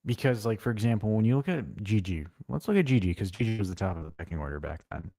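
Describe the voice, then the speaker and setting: A man co-hosting a casual football live stream, blunt and animated, swearing freely as he tells stories. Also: on the low side, quick pace, dry recording. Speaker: co-host.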